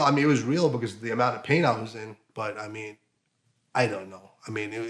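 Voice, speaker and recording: A man with a fairly low voice tells his own story in an interview. His speech is halting and emotional, broken by fillers and restarts. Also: steady tone, a bit bright. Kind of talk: emotional personal testimony.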